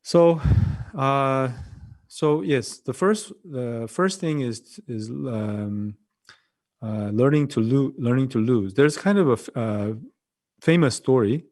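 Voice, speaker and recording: A Korean-accented Buddhist monk gives a dharma talk over a video call at medium pitch. He speaks gently and haltingly, often repeating phrases.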